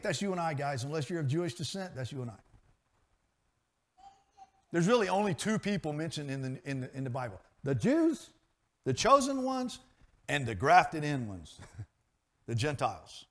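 Male preacher, high voice, dynamic delivery with loud peaks and quiet asides. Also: sing-song, normal speed, pauses often. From grew up in a pastor's family. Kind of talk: sermon.

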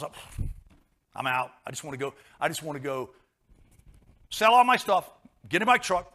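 Male preacher, slightly high-pitched, dynamic sermon delivery, hushed to loud, repetitive emphasis. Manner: swings between hushed and loud, repeats phrases for emphasis.

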